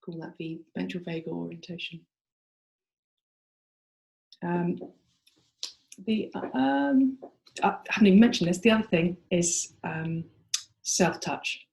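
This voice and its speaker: A woman's voice: on the low side, animated, slow, creaky, pauses often, a little mellow. Woman explaining therapy techniques conversationally. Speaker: therapist presenting to practitioners. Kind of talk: informal teaching talk.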